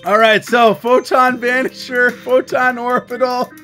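A man's voice: extremely high pitch, level tone, a little slow, pushed and bright, soft background music. A man casually commentating online card game duels as host, amused and often breaking into laughter while chatting to viewers. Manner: giggly, keeps breaking into laughter.

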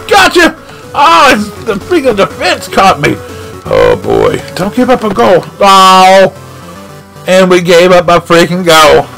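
A man commentating his own video game play live, excitable and shouting at the action. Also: sits high, gravelly. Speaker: gaming channel host.

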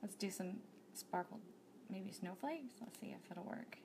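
A woman's voice: medium pitch, expressive, measured pace, gravelly, a crowd in the background. A woman hosting a cake decorating tutorial livestream, bubbly and chatty, thinking aloud as she works.

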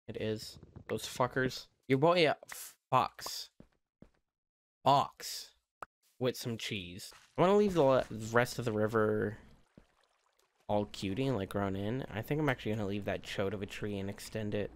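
A man's voice: mid-range voice, slight background noise. A young man giving casual, profane gameplay commentary while building, rambling along and breaking into sudden squealing outbursts. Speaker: gaming video creator.

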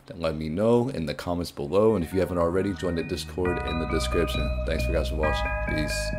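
A man's voice: low voice, brisk, over loud music. A young man commenting casually and jokingly as he plays a horror game, chatting to his viewers. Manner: jokey, jumpy, voices the game characters. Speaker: gaming streamer.

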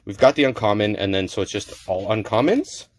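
A man's voice: fairly low pitch, expressive, fairly quick. Chatty male card-unboxing host. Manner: chatty, stumbles over names. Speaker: card-opening channel host. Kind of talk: casual unboxing chat.

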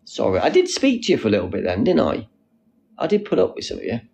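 A man's voice: mid-range voice, huge pitch swings, quick pace, vocal fry, darkish tone, a little hiss or hum. A man chatting casually on a live stream, reading out viewers' comments and answering them. He sits outdoors on a wall and talks into a phone.

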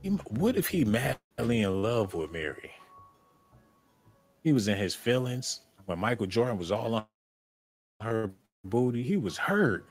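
A man's voice: lowish voice, lively intonation, a little slow, pauses often, darkish tone. A man hosting casual reaction commentary, telling stories in a joking, playful way. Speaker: commentary host.

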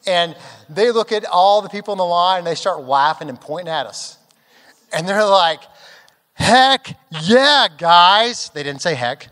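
A man pastor telling a humorous personal story in a sermon, animated and acting out quotes. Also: fairly high pitch, moderate pace, in a large hall. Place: large church auditorium.

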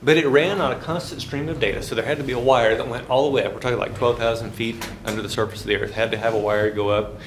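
A middle-aged man giving a classroom finance lecture in a lively, folksy storytelling manner, sometimes making sound effects. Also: medium pitch, fast talker, background noise.

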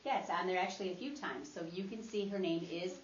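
A woman teacher speaks at an even, mid-range pitch, leading a guided reading lesson with patient encouragement. Her voice carries through a roomy classroom. The recording is slightly dull, with faint background noise. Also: fast. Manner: encouraging and patient, modeling expression aloud.

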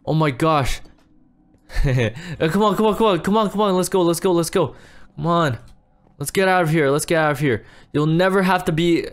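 High-voiced frantic man pleading. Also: moderate pace, pauses often. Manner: frantic, pleading, repeats words. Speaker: role-play creator and lead player. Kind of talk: Minecraft role-play acting.

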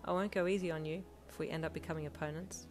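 A woman reading aloud and voicing a calm, pleasant teenage boy who teases his rivals. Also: sits low, fast, soft background music, lightly acted. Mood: smug. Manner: calm, teasing.

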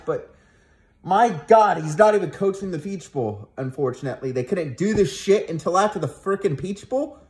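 A man ranting angrily and profanely as a sports fan vlogger, talking heatedly to his viewers with frequent restarts. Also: high-pitched. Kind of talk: angry fan rant to camera.

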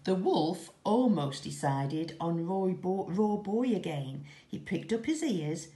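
A woman teacher reading a children's story aloud in a slow, expressive, rhythmic way. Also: on the low side. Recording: echoey room.

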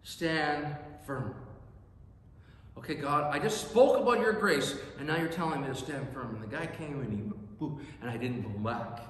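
A man preaches from the pulpit, telling his story with earnest emphasis. His voice sits fairly high for a man. The sound rings out through a reverberant church hall. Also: a little fast, few pauses. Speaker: pastor. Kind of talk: sermon storytelling. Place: church sanctuary.

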